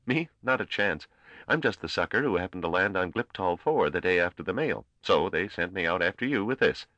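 Man voicing a cocky young male space trader, quick breezy retorts, bright tone, dry close sound. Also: low voice, lively intonation, no echo, highs cut off, voice pushed up.

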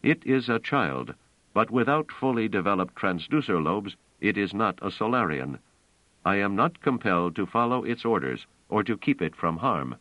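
A man's voice: fairly low pitch, normal speed, dry recording, pitched above the performer's own voice. A man putting on a cold, literal guard robot. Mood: menacing. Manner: flat, literal, interrogating. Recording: dull, dry audio.

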